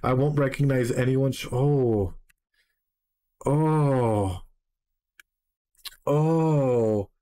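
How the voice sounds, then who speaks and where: A man streaming a live reaction, reading song lyrics aloud and excitedly greeting his chat. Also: medium pitch, extremely slow, pauses often, smooth. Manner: excitable, swears, greets chat members mid-sentence.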